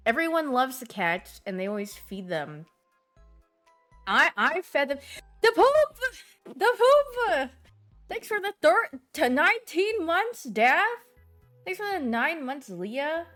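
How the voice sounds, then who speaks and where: A young woman livestreamer chatting casually, rambling and giggly with sudden excited squeals. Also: fairly high pitch. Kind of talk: casual stream chat.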